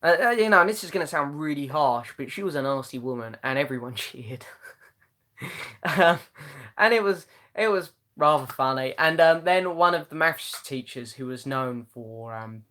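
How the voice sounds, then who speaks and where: A man's voice: on the high side, expressive, normal speed, pushed and bright. A young man hosting a casual live chat, reading out viewers' comments in a chatty, meandering way with many ums. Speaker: live-stream host.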